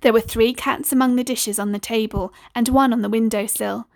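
A woman's voice: on the high side, steady tone, moderate pace, creaky, no room sound. Woman reading a children's story. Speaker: storybook reader.

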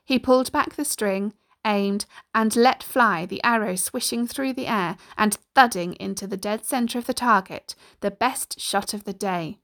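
Woman storybook narrator, steady, expressive reading aloud. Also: mid-range voice, a little slow, few pauses.

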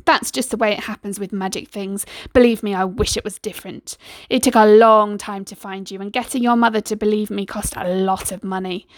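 A woman's voice: medium pitch, fairly even intonation, brisk, dry recording, close to an everyday voice. A woman voicing a scheming male sorcerer who snarls and hisses his threats, in a dry close recording. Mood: menacing. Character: scheming middle-aged male sorcerer, menacing.

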